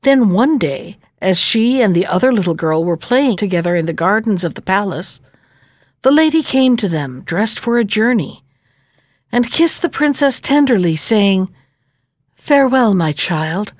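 A woman narrating a fairy tale in a gentle, measured reading voice. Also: mid-range voice, animated, dry recording, studio quality.

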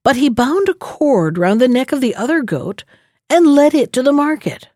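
A woman narrating a fairy tale in an expressive read-aloud style. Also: high-pitched, moderate pace, no echo, studio quality. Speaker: storyteller. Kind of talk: storybook narration.

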